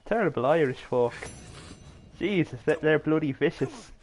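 A man's voice: fairly high pitch, expressive, normal speed, darkish tone, slight background noise. A man streaming a video game, making sarcastic jokes and mumbling to himself as he plays. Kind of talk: live gameplay commentary.

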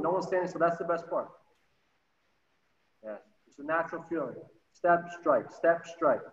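A man coaching youth soccer over a video call, energetic and encouraging, calling out short repeated cues. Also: on the high side. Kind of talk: virtual training session coaching. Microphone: computer mic on a video call. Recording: roomy, distant, dull sound.

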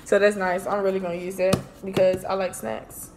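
A young woman vlogging a casual product review, chatty and excitable, often calling her viewers y'all. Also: mid-range voice, a little fast, background noise.

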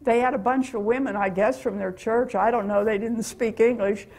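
A woman's voice: on the high side, fairly even intonation, normal speed, darkish tone. An older American woman telling stories of her mission trip to a church meeting, chatty and laughing often. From USA. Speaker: guest speaker.

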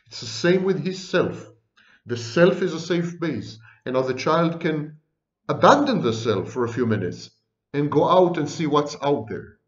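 A man giving an online video lecture on psychology, stringing ideas together in rolling lists and adding dry, ironic asides. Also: medium pitch. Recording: roomy, dull lo-fi recording.

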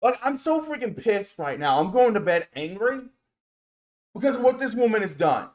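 A male VTuber streamer delivering an angry rant on a livestream, slow and emphatic, cursing and calling someone out by name. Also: high-pitched, sing-song, a little mellow.

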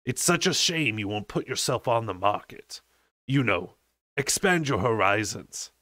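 A man voicing a fat, patronizing male creature moneylender with a deep, wide, oily drawl. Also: lively intonation, pushed and bright, no echo. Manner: patronizing, slow and drawn out.

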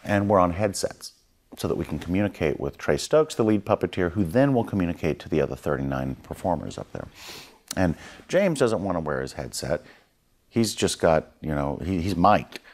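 A man, a creature effects artist, recalling a film shoot in a documentary interview, animated and laughing at himself as he acts out what people said. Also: low-pitched, normal speed.

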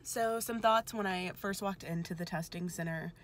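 Just after finishing an exam, a young woman vlogs outside a testing center, rambling and emotional with quick asides. Her voice is on the low side, and there's a little hiss or hum in the audio.

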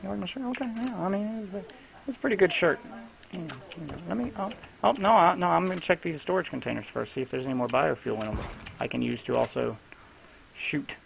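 Gravelly-voiced man chatting through a game. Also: fairly high pitch, expressive, a bit bright, a little hiss or hum, rough recording. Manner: loose, chatty, giving quick instructions. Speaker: gamer streaming his own play. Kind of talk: casual gameplay commentary to a teammate.

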